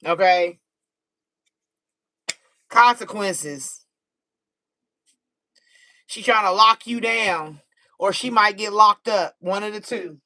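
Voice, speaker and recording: An American woman doing a casual live-stream tarot reading, animated and chatty, laughing easily. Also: medium pitch, slow, long pauses, dry recording, low-quality recording. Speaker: tarot reader.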